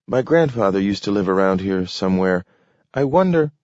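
A man's voice: low voice, animated, normal speed, a little mellow, dry recording, highs cut off. A man voicing a polite, hesitant young man of about thirty in a storybook reading.

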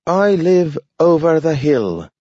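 An eager, friendly talking dog with a lifted, high voice and a careful, halting way of saying each word, as a man reads him in an audiobook. The recording is dull and lo-fi and sounds very dry. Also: sing-song, warm tone, no room sound, full character voice. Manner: careful, halting pronunciation of words.

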